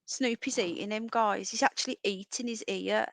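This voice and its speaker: A woman's voice: moderate pace, vocal fry, a bit bright, no room sound. Chatty woman on a livestream. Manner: chatty, calling pets in a high singsong voice. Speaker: livestream host. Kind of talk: casual livestream chat. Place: home, indoors. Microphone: earphones with mic.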